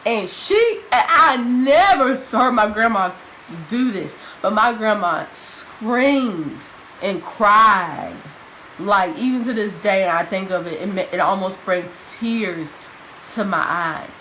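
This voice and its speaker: A young woman talks to the camera in a casual vlog, speaking directly to her viewers. She is emphatic and repeats key phrases for weight. Her voice sits in a middle pitch, with faint noise behind her. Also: lively intonation, slow pace, bright, forceful tone, rough recording. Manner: addresses viewers informally. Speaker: vlogger.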